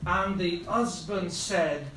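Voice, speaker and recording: A man with a high voice preaches at an unhurried pace, leaning into fervent, repeated appeals. He is heard from some distance through a microphone in a church hall, with the room's echo around his words and faint ambience behind. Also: noisy background. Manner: slow, building to fervent appeals. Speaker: pastor. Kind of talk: sermon.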